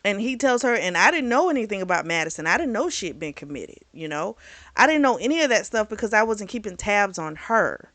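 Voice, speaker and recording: A woman reviewing a book in casual chat, retelling the plot in a chatty, animated way. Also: medium pitch, brisk, no room sound. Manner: chatty, animated retelling with acted quotes and laughs.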